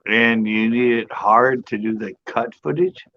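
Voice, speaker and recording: A man in casual chat who tells stories in an animated way, laughs a lot and swears freely. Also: medium pitch, measured pace, muffled recording, a little hiss or hum. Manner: chatty, laughs often, animated storyteller, swears. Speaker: channel host.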